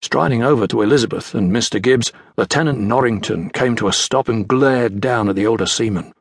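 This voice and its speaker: A man narrating a children's adventure audiobook in a measured storytelling delivery. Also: on the low side, husky, no echo, clean studio sound. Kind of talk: scripted narration.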